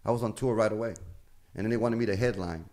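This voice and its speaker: A guest comedian with a fairly low voice rattles off stories quickly in a casual conversation. He animates them by acting out whoever he quotes and swears freely throughout.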